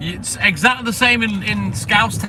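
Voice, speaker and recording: A man's voice: sits high, normal speed, noisy background. A man hosting a casual livestream, answering viewer comments in a blunt, sweary, chatty way. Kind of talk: casual live chat.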